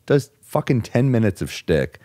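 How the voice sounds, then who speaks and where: A man, a stand-up comedian guest on a podcast, telling anecdotes in a dry, deadpan way. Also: medium pitch, moderate pace, no echo. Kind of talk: casual chat. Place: podcast studio.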